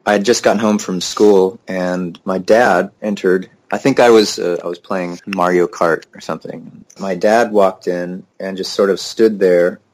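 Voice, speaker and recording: A young man, a musician guest in an interview, telling stories in a relaxed, easygoing way and laughing easily. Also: sits low, unhurried, hardly any pauses. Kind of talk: casual interview conversation.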